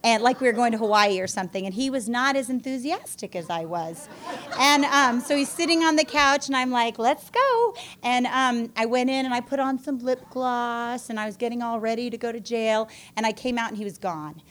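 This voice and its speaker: A woman's voice: on the high side, brisk, a bit bright, some chatter behind. A woman telling her own story at a support group meeting in a candid, self-mocking way. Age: adult mother. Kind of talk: personal recovery testimony.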